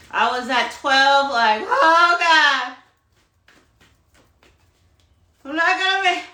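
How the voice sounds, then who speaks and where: Sassy, slow-talking woman on a livestream. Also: fairly high pitch, pushed and bright, roomy sound. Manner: sassy, dramatic, peppered with "okay?" and "honey". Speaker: livestream tarot reader. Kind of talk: casual livestream monologue. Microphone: phone livestream.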